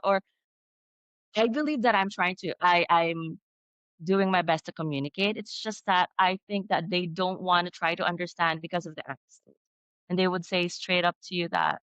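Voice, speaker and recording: Earnest Filipino-accented woman guest, lowish smooth voice, hesitant care. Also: steady tone, normal speed, fairly bright tone, no room sound, dull audio. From Philippines. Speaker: executive assistant, guest. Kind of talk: video interview.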